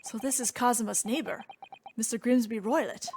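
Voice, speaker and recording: A woman's voice: a little high, normal speed, a little mellow, a little hiss or hum, close to an everyday voice. Woman reading as a polite young lawyer. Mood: earnest. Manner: earnest, polite. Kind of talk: reading game dialogue aloud.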